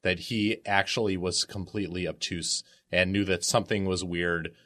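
A man's voice: sits low, fairly even intonation, normal speed, a bit bright. A man talking through a book in a casual panel discussion, dropping frequent "like"s. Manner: conversational, filler-heavy with frequent "like".

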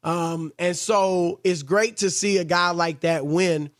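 A man's voice: high-pitched, steady tone, slow pace, no room sound, studio quality. A man hosting casual sports talk, emphatic and conversational, sometimes stumbling over restarts.

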